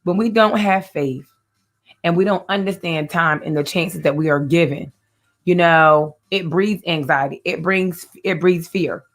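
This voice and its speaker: A woman's voice: lowish voice, a little slow. A woman hosting a faith-based talk show, talking earnestly and directly to her viewers and often repeating her phrases.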